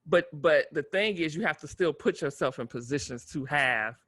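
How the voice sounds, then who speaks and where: A man co-hosting a podcast in casual chat, expressive with playful asides. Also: fairly high pitch, normal speed, no room sound, clean studio sound. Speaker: podcast co-host.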